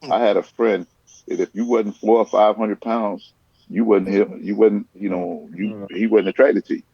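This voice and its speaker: A deep, gravelly man tells stories with a husky rasp. His pitch swings widely as he gets emphatic, casual and profane. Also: normal speed, muffled recording. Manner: animated storyteller, profane, emphatic. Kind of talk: casual podcast chat.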